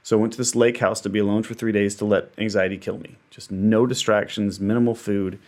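A man guest in a casual conversation, telling a personal story in an animated way and acting out his own inner voices. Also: on the low side, fairly quick. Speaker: actor and dancer guest.

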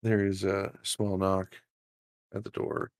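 Deep-voiced male game master. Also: monotone, slow, clean tone, no room sound, clean studio sound. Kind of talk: narrating a tabletop game.

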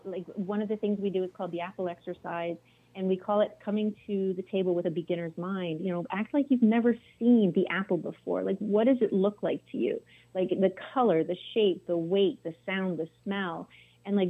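A woman's voice: medium pitch, normal speed. A woman wellness coach in casual conversation, talking in a chatty, anecdotal way with many fillers. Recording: tinny phone-line sound.

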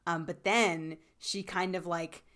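A woman's voice: fairly low pitch, steady tone, slow, a bit bright. A young woman co-hosting a casual recap chat, talking in a loose, chatty way with many fillers and frequent laughter. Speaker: podcast co-host.

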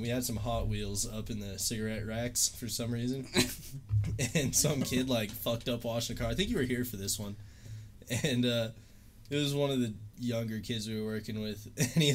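A man's voice: medium pitch, normal speed, a little hiss or hum. Laid-back young guy telling stories. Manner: laid-back, swearing, laughing storyteller. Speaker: livestream host. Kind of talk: casual chat.

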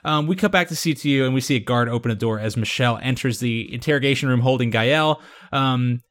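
A man's voice: mid-range voice, fast talker, a bit bright. A man hosting a casual chat show, recapping an episode with frequent laughs and filler words. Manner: chatty, laughing, lots of ums and likes. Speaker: podcast host.

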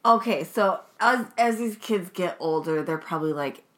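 A woman's voice: fairly low pitch, lively intonation, moderate pace. Giggly rambling woman co-host. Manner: giggly, rambling, lots of fillers. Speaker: podcast co-host. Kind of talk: casual movie-recap chat.

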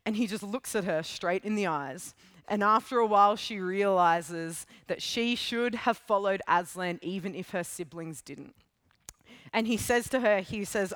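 Young female preacher, casual storyteller, mid pitch, dry close mic. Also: moderate pace, no room sound. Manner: casual, animated storytelling with asides. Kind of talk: sermon with storytelling.

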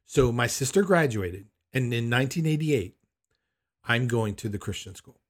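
A man's voice: medium pitch, lively intonation, normal speed. A middle-aged man telling a personal anecdote in an emphatic, incredulous way. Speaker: storyteller.

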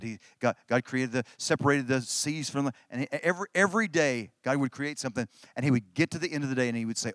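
A man's voice: medium pitch, fast talker, few pauses, fairly bright tone, dry recording, studio quality. A middle-aged man preaching a sermon in a conversational way, often restarting phrases for emphasis. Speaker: pastor.

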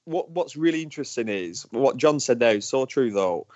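A man from England, a motorcycle racer, telling stories in a lively, casual chat. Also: mid-range voice, normal speed, dry recording. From northern England. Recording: dull lo-fi dry sound.

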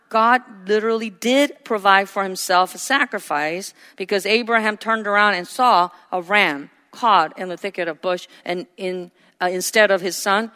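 A woman's voice: medium pitch, bright, forceful tone, in a large hall. A woman preaching a sermon in a conversational way, acting out quoted lines with laughter.

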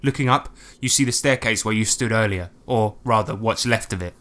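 A man's voice: on the low side, fairly quick, fairly bright tone. A man narrating a tabletop role-playing game as game master, wry and playful.

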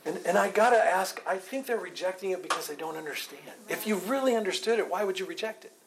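A man's voice: sits high, animated, fast talker. A man leading a Bible study, teaching with emphatic, repeated phrases.

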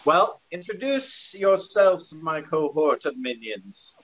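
Male podcast host, jokey and theatrical, slow delivery, slightly raised pitch. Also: animated, a bit bright, husky, muffled recording. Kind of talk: casual podcast banter.

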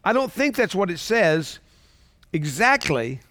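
A male pastor with a high voice delivers a conversational sermon, often stopping to put rhetorical questions to his listeners. His voice sounds dry and close, with no room echo. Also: big pitch swings, a little slow, a bit bright.

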